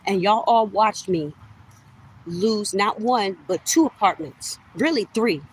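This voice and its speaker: Slow and breathy-edged, a middle-aged woman's mid-range voice delivers a heated, accusatory vlog rant directly to camera. She repeats herself for emphasis and speaks to listeners as "y'all," all on a rough recording.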